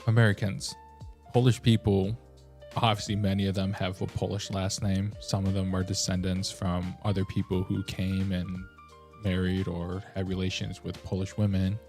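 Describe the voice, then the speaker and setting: A man's voice: deep voice, level tone, moderate pace, a little mellow, soft background music. A man hosting a reaction video, ranting animatedly in a casual way and slipping into mocking voices. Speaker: host.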